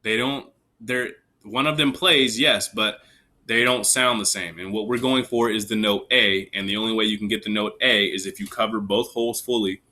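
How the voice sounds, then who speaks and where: Bright-voiced encouraging male music teacher. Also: fairly low pitch, fairly even intonation, moderate pace. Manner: patient, encouraging, counts aloud with students. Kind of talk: recorded online music lesson.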